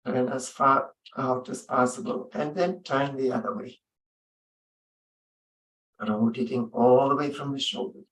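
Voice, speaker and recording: This yoga instructor speaks in a steady, soothing tone, offering brief, gentle cues without hurry and letting long silences fall between them. Heard from a distance, his mid-pitched voice echoes clearly around a spacious room.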